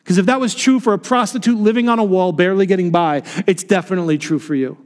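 Impassioned preacher in a reverberant hall. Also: male voice, quick pace. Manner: impassioned preaching, drops to soft low tones for emphasis. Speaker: pastor. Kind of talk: sermon.

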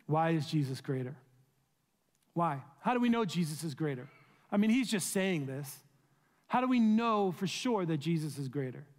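A man's voice: fairly high pitch, animated, moderate pace, a little mellow. A male pastor preaching a sermon, earnest and pleading, asking his listeners rhetorical questions. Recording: long reverb of a large room.

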